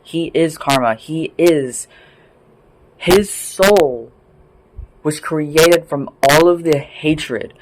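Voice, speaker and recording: A man's voice: fairly high pitch, fairly bright tone, low-quality recording. Heated, profane man ranting. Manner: heated, profane, emphatic and repetitive. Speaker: vlogger. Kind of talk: ranting monologue to camera. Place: indoor room.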